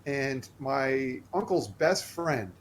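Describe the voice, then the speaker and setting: An earnest male podcast guest recounts a personal story with animated energy. He slips into the voices of the people he quotes. His voice sits at an ordinary middle pitch for a man. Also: slow, slight background noise.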